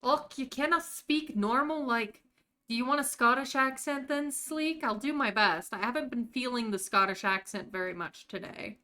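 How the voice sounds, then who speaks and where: Bright, clear-voiced American woman streamer. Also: on the high side, moderate pace. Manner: chatty, talks to viewers by name while playing. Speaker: game streamer. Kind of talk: casual live-stream chat.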